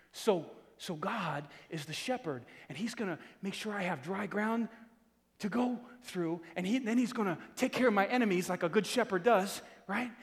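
A man preaching a sermon in a church, animated, repeating words and calling out to the congregation. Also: high-pitched, moderate pace. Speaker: pastor. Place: church hall. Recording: long hall reverb.

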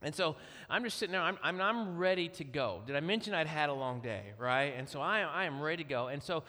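Animated man preaching in a big echoey hall. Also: a little high, a little fast. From Kentucky. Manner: animated storyteller acting out quotes. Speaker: guest speaker. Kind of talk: storytelling sermon. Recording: long hall reverb.

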